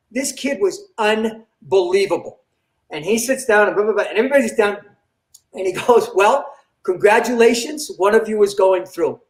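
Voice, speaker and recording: Older man telling a story, high-pitched. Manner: animated, acts out quoted dialogue. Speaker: comedian guest. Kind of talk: storytelling in an interview. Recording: roomy echo.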